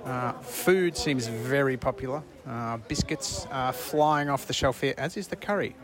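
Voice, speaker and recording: A man's voice: medium pitch, unhurried. A man reporting casually from a busy sports venue, with many fillers. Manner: loose, rambling, many fillers. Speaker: on-site reporter. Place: busy venue, crowd behind. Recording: crowd noise behind.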